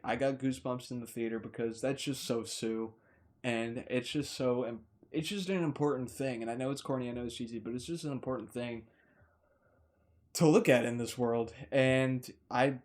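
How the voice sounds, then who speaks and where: A man giving a casual, rambling movie review indoors, gushing with excitement and cutting off his own sentences to restart them. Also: medium pitch. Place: indoors, warm room.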